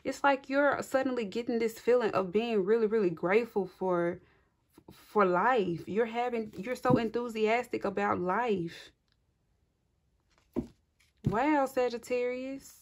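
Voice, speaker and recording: A woman's voice: fairly high pitch, unhurried. A woman doing a casual tarot reading for her viewers. She speaks effusively and encouragingly, laughs often and addresses the viewers directly. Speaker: tarot reader. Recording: clearly audible card shuffling and clicks.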